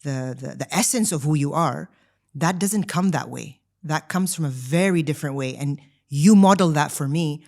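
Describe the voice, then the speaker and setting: A woman in her thirties co-hosting a podcast, telling her own story in casual chat, animated and full of "like" fillers and restarts. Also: low voice, normal speed, vocal fry. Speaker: podcast co-host.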